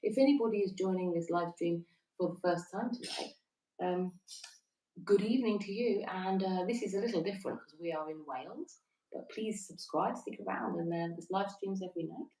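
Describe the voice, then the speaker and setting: A woman with a fairly low, dark voice speaks briskly while co-hosting an evening livestream from a holiday stay in Wales, chatting casually, giggling and reading viewer comments aloud despite a stiff neck. She sounds distant from the mic in a roomy, echoing space.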